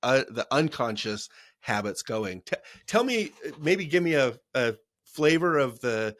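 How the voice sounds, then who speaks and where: A man's voice: mid-range voice, very animated, unhurried, fairly bright tone. A middle-aged man hosting a podcast, talking in an easygoing, casual way and asking his guest questions. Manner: easygoing, asks questions and adds brief agreement. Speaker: podcast host. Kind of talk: casual interview chat.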